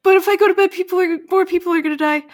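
A woman's voice: very high voice, steady tone, rapid-fire, pitched above the performer's own voice. A woman voicing an exhausted, sleep-deprived woman town official who stammers and breaks down crying, in a tabletop game. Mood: frantic. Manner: stammering, broken by sobs.

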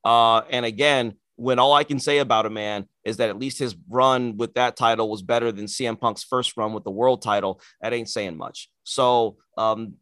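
A man's voice: medium pitch, steady tone, normal speed, hardly any pauses, fairly bright tone, no echo. A man co-hosting a casual chat, opinionated and given to sarcastic rants. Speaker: podcast co-host.

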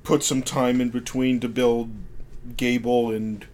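A man's voice: medium pitch, little pitch movement, unhurried, a little mellow. A man co-hosting a casual podcast, laid back, mostly adding short agreeing remarks. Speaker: podcast co-host. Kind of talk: casual chat.

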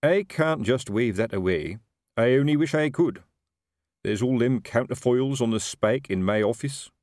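A man's voice: mid-range voice, normal speed, a little mellow, dry recording, clean studio sound, voice pushed up, natural voice. A man voicing a blustering, self-important middle-aged sergeant in an audiobook, with a raised, wheedling voice. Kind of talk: audiobook character voice.

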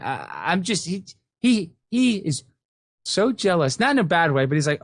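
A man's voice: on the high side, sing-song, fairly quick, no echo, clean studio sound. A young man hosting a casual podcast chat, talking animatedly, swearing and acting out the people he quotes.

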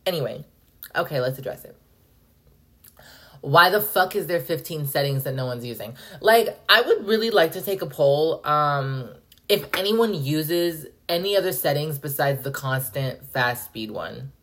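A young woman hosting a podcast, rambling and cursing in an animated, casual rant. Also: low-pitched, measured pace. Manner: profane, animated, rambling with frequent "like". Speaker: podcast host.

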